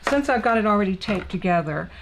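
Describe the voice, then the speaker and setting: Here the same kind of Southern US crafter is demoing card-making live, effusive and talkative, filling pauses with ums as she thinks aloud. She speaks fast in a mid-range voice with lively intonation over a noisy background.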